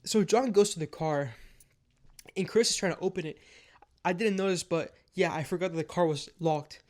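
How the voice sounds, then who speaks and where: Young guy telling a storytime, kinda high voice, lotta "like"s and cussing, just rambling along. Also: moderate pace. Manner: rambling, filler-heavy, swears freely. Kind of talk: casual storytime.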